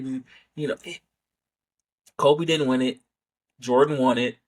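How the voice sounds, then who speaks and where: A podcast host on a sports show delivers a casual, rambling opinion monologue, full of self-corrections and rhetorical "right?" asides. His medium-pitched voice stays steady at a moderate pace, and he pauses often.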